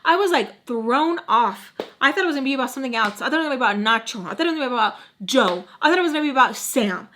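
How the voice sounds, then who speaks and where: Speaking quickly with hardly a pause, a storytime vlogger with a fairly high voice spins out a long personal tale. Her delivery is animated and casual, full of acted-out quotes, Spanish words, swearing and repeated phrases.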